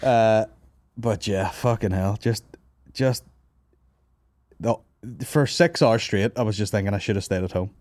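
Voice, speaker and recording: A low-voiced Northern Irish man in his thirties rambles through a comic anecdote, swearing freely and breaking into laughter. His voice sits close and dry, with no room sound around it. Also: a little slow, pauses often, a little mellow, no room sound. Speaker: podcast host. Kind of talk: casual comedic storytelling. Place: studio office.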